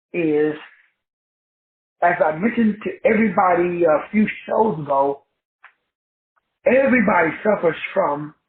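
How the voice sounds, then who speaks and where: A high-voiced man lectures his class in a preachy, repetitive, colloquial way. The sound is tinny and narrow, as if over a phone line. It rings in an echoey room. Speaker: online teacher and host. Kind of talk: motivational lecture.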